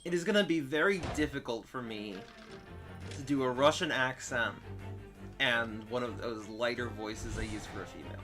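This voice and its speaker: A man's voice: medium pitch, moderate pace, music in the background. A man reading and commenting on a story game, with wry, self-deprecating asides. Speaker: let's play host.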